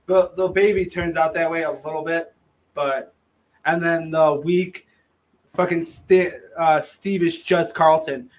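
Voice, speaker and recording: A man's voice: fairly high pitch, a little hiss or hum, low-quality recording. A man arguing bluntly with swearing in casual podcast banter.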